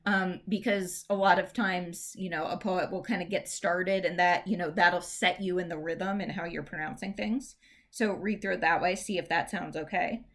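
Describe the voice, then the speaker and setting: A woman teacher giving a recorded English lesson. She explains in a chatty, informal way and reads verse lines slowly, stressing the beats. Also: lowish voice, fairly even intonation. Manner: chatty, informal fillers and restarts.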